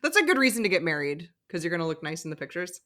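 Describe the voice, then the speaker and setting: A woman's voice: lowish voice, sing-song, rapid-fire, fairly bright tone. A woman co-hosting a podcast, giving opinionated commentary on a reality show with frequent giggles. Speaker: podcast co-host. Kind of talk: casual chat recapping a reality show.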